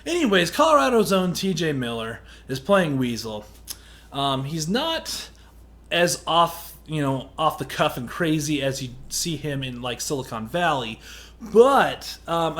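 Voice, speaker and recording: Rambling man reviewing a film. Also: fairly high pitch. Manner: rambling, candid, swears casually. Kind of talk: casual movie review.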